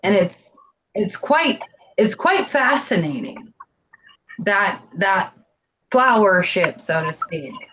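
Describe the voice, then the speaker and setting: A woman's voice: mid-range voice, sing-song, slow pace, long pauses, fairly bright tone, a little hiss or hum, poor audio. A woman guest in a casual live-stream chat, talking in a rambling, earnest way, heavy on "like".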